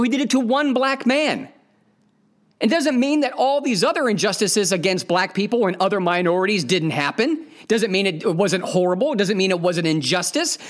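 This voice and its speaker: A male podcast host with a high-sitting, fairly bright voice gives an opinionated, profane, blunt monologue. He is emphatic and keeps circling back to restate his main points.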